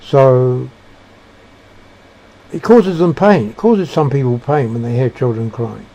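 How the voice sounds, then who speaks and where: A man giving a reflective monologue, halting and searching for words with frequent restarts. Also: medium pitch, creaky, mellow. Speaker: speaker sharing personal beliefs.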